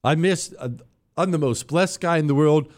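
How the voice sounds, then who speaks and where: Man, radio storyteller, sarcastic, animated, slightly high voice. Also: moderate pace. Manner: animated, sarcastic, swings between loud and quiet. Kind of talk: storytelling monologue.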